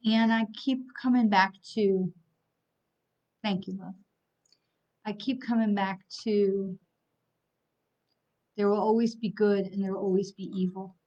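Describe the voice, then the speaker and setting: A woman's voice: mid-range voice, fairly even intonation, a little slow, long pauses, darkish tone. A middle-aged woman hosting a livestream as a psychic medium, talking angrily and bluntly and swearing while she apologizes for it. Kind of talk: livestream talk to viewers. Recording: slightly dull lo-fi stream audio.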